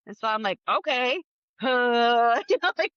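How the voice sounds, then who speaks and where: A woman in her thirties, a podcast guest, telling her birth story in a casual, animated way, acting out the people she quotes. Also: on the high side, a little slow, smooth, no room sound, lo-fi sound. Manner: animated, acts out quoted dialogue, laughs often.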